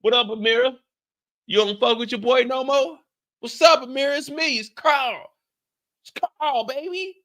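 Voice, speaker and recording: A man's voice: very high voice, moderate pace, a bit bright, voice pushed up. A man doing a brash flirting Carlton. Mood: flirty.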